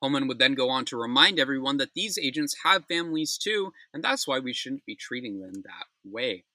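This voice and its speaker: Bright-voiced man ranting over news. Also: mid-range voice, lively intonation, fairly quick, no echo. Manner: angry, ranting with heavy swearing; apologetic asides between rants. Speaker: news recap host. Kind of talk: opinionated news commentary.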